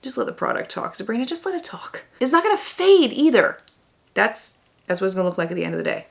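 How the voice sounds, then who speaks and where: Enthusiastic woman beauty vlogger walking through a makeup look, with a little vocal fry. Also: medium pitch, big pitch swings, fast. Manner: enthusiastic, exclaiming over products. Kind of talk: makeup tutorial talk to camera.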